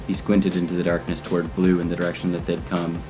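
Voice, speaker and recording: A man narrating a scripted audio drama in a measured, even storytelling manner. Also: low-pitched. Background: guitar music.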